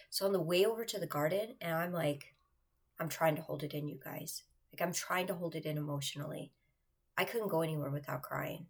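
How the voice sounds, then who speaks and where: A woman with a lowish, husky voice and a gravelly edge, speaking earnestly straight to her viewers. She tells a personal faith testimony in a confiding tone and often sinks into a hushed whisper. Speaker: churchgoer sharing a faith testimony.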